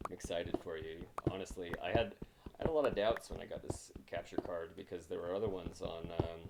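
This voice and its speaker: A man's voice: low-pitched, brisk, gravelly. A man chatting casually with his viewers during a livestream, rambling and self-deprecating, talking into a mic set close in front of him. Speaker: game streamer. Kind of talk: casual livestream chat while gaming. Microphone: new mic mounted close in front of him. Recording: loud background noise.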